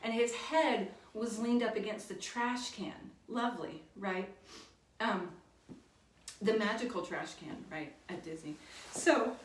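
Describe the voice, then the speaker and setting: Chatty high-voiced woman telling a story. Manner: chatty, laughing, self-correcting. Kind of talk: casual storytelling. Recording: echoey room, distant mic, faint noise.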